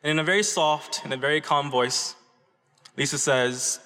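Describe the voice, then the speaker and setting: Man from michigan giving a convocation speech, bright voice, long hall echo. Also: a little high, moderate pace, smooth. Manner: earnest storytelling with frequent "right?" asides. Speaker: graduate student speaker. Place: large auditorium. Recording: echoey auditorium reverb.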